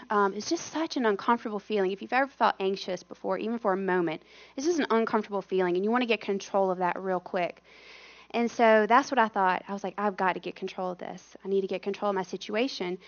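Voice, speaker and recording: A woman shares a personal testimony in a relaxed, conversational way, acting out the voices of people she quotes. Her voice sits at a medium pitch for a woman. The recording sounds a little dull. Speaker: missionary speaker.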